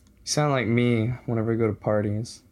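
A man's voice: mid-range voice, fairly even intonation, a little fast, darkish tone. A young man from Texas hosting a casual interview, laid-back and joking with plenty of slang. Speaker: host.

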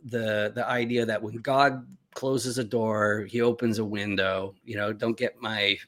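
A man's voice: lowish voice, level tone, unhurried, fairly bright tone. A man talking casually as a podcast guest, rambling with many fillers and restarts. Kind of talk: casual chat.

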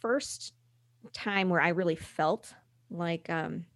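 A middle-aged woman speaking candidly as a guest, halting and restarting, sometimes acting out what others said. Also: on the low side, no room sound, studio quality. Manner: candid, halting with restarts, acts out quoted voices. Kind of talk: conversational podcast interview.

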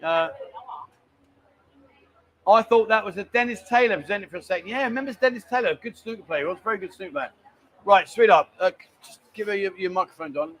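A man's voice: sits high, fast, long pauses, fairly bright tone, slight background noise, poor audio. A man with a London accent hosting a casual live show, chatty and joking, often calling people mate and darling. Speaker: host. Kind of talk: casual chat.

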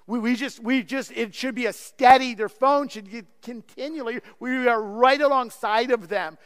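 A man's voice: high voice, pushed and bright, smooth, in a large hall. A man preaching a sermon as pastor, earnest and pleading, often repeating words as he presses his point.

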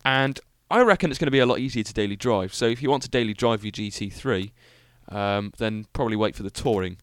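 A man's voice: fairly low pitch, fast talker, smooth, no room sound, studio quality. A young British man hosting a solo car-review podcast, talking in a rambling, enthusiastic, self-mocking way with lots of fillers. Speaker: podcast host.

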